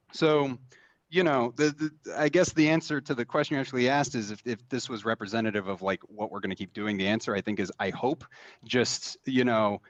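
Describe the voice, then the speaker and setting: Rambling game designer, slightly muffled. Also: male voice, fairly low pitch, no echo. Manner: rambling, many fillers and restarts. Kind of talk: casual interview talk.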